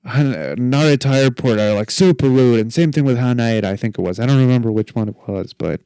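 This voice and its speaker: A man's voice: medium pitch, a little fast, dark tone, smooth, dry recording. Rambling, jokey young man. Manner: rambling, jokey, self-deprecating storytelling. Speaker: podcast host. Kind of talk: solo podcast chat.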